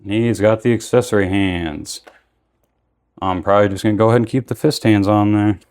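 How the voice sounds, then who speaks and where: Deep-voiced young man reviewing toys. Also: fairly even intonation, normal speed, a little mellow. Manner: rambling, self-correcting. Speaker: action figure reviewer. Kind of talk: casual unboxing commentary.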